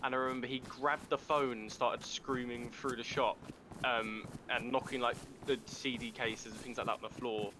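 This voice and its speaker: A young man rambling through a story in loose, casual chat, swearing freely as he talks. His voice sits at a middle pitch. Steady noise runs behind him throughout. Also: normal speed. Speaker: fellow player. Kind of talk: casual chat while gaming.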